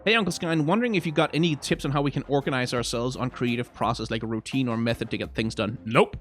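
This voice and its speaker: A man's voice: mid-range voice, fast talker, fairly bright tone, soft background music. A man giving casual live-stream commentary on game card art, rambling with many restarts, frank and self-deprecating.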